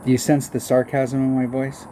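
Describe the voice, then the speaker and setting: A man's voice: medium pitch, completely flat delivery, normal speed. A man giving rambling, self-mocking casual commentary on a mobile golf game while humming little tunes, recorded with audible background noise.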